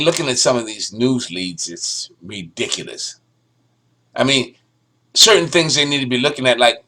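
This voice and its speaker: A man giving sarcastic, ranting news commentary, often restarting his sentences. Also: medium pitch. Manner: sarcastic, ranting, animated delivery with stammered restarts. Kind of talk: opinionated solo commentary.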